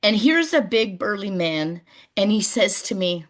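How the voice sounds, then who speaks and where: A woman's voice: medium pitch, a little slow. Woman presenter telling garden stories. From Canada. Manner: warm storyteller, animated when quoting people. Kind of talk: webinar presentation and storytelling. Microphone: video call.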